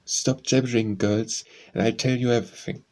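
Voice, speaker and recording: A man reading the lines of a spirited, tomboyish teenage girl writer in a brisk, offhand way, in an audiobook. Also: medium pitch, fairly even intonation, a little mellow, close to an everyday voice.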